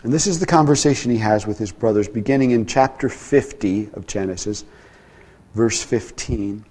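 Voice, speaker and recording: A man preaching a sermon as pastor, with a dynamic delivery that swings from soft, low passages to emphatic, raised ones. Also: moderate pace, breathy edge.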